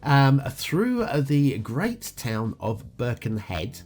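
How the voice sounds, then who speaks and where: A man's voice: medium pitch, huge pitch swings, slow pace, a little mellow. A man hosting a game review show, talking through gameplay in an upbeat, chatty way with frequent "uh" fillers. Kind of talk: casual gameplay commentary. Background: faint guitar music.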